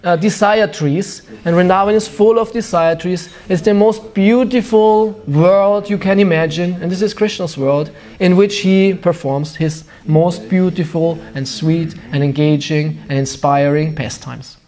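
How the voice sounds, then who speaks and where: A man with a German accent, a native German speaker, giving an animated devotional sermon and sometimes searching for words. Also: high voice, unhurried, few pauses. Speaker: spiritual teacher.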